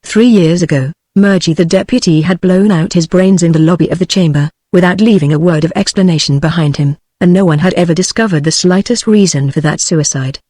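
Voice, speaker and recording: A synthetic British woman's voice narrating an audiobook in an even, measured way. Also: on the low side, no room sound. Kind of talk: text-to-speech book reading.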